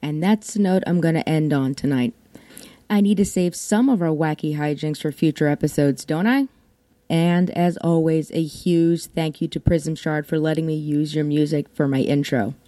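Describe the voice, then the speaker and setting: A woman's voice: low voice, steady tone, normal speed, dark tone, no room sound. A woman hosting a podcast, telling personal stories in a casual, wry and irreverent way, swearing freely. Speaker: podcast host. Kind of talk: casual storytelling monologue.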